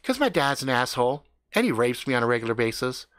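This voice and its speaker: A woman's voice: very deep voice, very animated, quick pace, no echo, clean studio sound. A man voicing a blunt, mocking teenage girl on her way to camp. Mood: flat.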